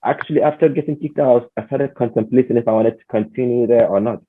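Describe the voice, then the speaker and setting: A young Nigerian man, a podcast guest, telling stories in a relaxed, plain way. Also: medium pitch, quick pace. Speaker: podcast guest, former master's student. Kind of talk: casual interview talk. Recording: narrow phone-like sound.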